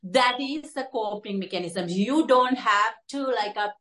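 A woman therapist speaking earnestly in halting second-language English, with many fillers and restarts. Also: on the high side, a bit bright. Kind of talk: conversational interview.

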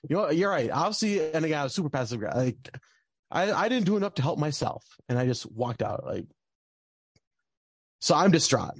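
A man's voice: medium pitch, very animated, normal speed, long pauses, breathy edge. A young man telling a personal story in casual talk, rambling with lots of fillers and restarts.

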